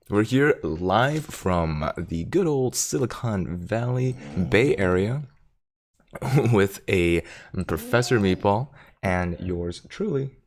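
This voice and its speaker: A man with a gravelly voice hosting a casual stock market livestream from his home desk, chatting, reading viewer comments aloud and talking to his dog. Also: deep voice, expressive, slow. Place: home desk in Silicon Valley.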